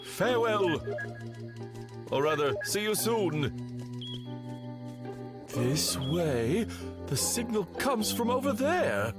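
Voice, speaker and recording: A man's voice: sits high, sing-song, slow, pauses often, exaggerated voice. A man voicing a moody, misunderstood cartoon inventor creature who talks theatrically, swinging between pompous and desperate. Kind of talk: animated cartoon dub. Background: background music.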